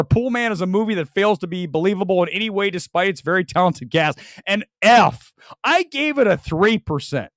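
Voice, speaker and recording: A man's voice: sits high, dry recording, clean studio sound. A man hosting a movie review show, ranting combatively about critics' reviews with mocking, theatrical outbursts. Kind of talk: ranting commentary on film reviews.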